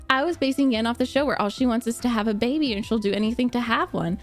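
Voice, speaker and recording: A young woman streamer chatting casually with live viewers, gushing, animated and laughing often as she answers their comments. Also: fairly high pitch, quick pace, hardly any pauses, soft background music. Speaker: streamer reacting to a book series.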